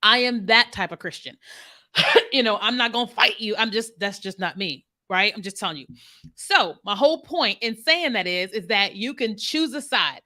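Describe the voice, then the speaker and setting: A woman's voice: mid-range voice, lively intonation, normal speed, bright, forceful tone. A woman marketing strategist talking casually and animatedly to her viewers, with laughs and asides. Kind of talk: casual direct-to-camera talk.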